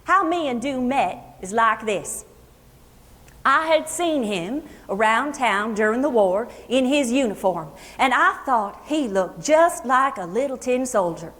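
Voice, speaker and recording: Reminiscing in a luncheon hall full of listeners, an actress delivers a first-person historical monologue as a plainspoken Kentucky hill-country singer fond of a good story. Her expressive female voice is high and fairly bright, with an Appalachian accent and a folksy, chatty, leisurely storytelling manner. The echoey room leaves a long reverb behind her.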